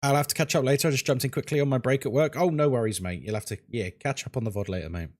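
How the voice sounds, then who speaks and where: A man hosting a casual live stream of a horror game, greeting viewers one by one with quick jokes. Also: mid-range voice, a little mellow.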